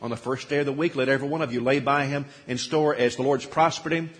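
A man's voice: mid-range voice, steady tone, quick pace, in a large hall. A man preaching a sermon, quoting scripture and asking his congregation questions, rising to emphatic peaks. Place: church sanctuary.

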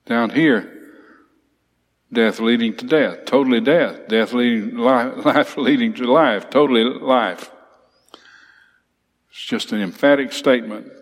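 A man's voice: mid-range voice, unhurried, pauses often. A man teaching a Bible class, reading verses aloud and explaining them with emphatic repetition. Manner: emphatic, reads scripture aloud then explains it. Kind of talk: expository Bible class lecture. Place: church classroom with slides. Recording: long hall reverb.

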